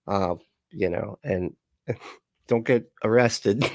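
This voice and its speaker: A man's voice: on the low side, lively intonation, a little slow, gravelly, long pauses, a little mellow, no room sound, clean studio sound. A man streaming casually, reading chat comments aloud, rambling with frequent laughs and swearing. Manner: rambling, laughs often, profane asides.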